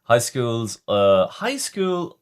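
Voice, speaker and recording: Man, livestream host, casual chat, rambling, restarts often, very animated pitch. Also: very slow, clean tone. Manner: rambling, chatty, stumbles and restarts.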